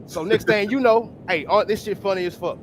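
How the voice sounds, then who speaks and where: A man from the Houston area of Texas with a Texan accent, telling a lively story in a casual panel chat, acting out the voices of the people in it. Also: high voice, a little fast, a little hiss or hum. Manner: animated, acts out voices in stories, profane. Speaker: amateur boxer, panel guest.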